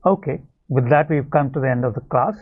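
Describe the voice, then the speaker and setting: A man's voice: mid-range voice, fairly quick, breathy edge. English teacher man, tinny phone-like sound. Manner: explanatory, addresses viewers directly. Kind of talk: scripted video lesson.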